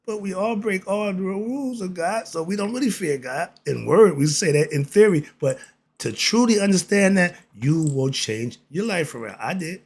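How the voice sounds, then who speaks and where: A man hosting his own religious commentary, speaking, emphatic and preachy, reading passages slowly and then riffing on them. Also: high-pitched, lively intonation, darkish tone, slightly rough. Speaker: host.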